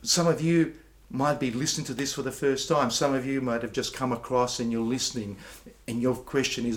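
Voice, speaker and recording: A man preaching a sermon, emphatic, often repeating words and slowing down for declarations. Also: medium pitch. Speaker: pastor.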